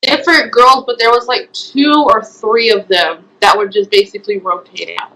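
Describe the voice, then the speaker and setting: A young woman speaks in a bright, slightly high voice. She recounts her experiences in an interview. She talks hesitantly, full of ums and likes. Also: fairly even intonation, brisk, rough recording. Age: young adult. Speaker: guest, former resident. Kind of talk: interview testimony.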